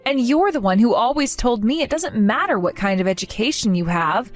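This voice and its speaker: A woman's voice: fairly high pitch, lively intonation, fairly quick, soft background music, natural voice. A young woman playing a jilted bride who talks earnestly and with strong emotion. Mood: tearful. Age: young adult. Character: jilted young bride, hurt but determined.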